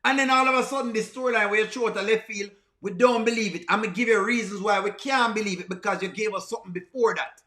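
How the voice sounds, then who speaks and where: Pleading high-voiced Jamaican man. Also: fast talker, pushed and bright, reverberant. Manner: pleading and repetitive, mixing patois with plain speech. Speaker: livestream host reacting to comedy skits. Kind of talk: casual reaction commentary.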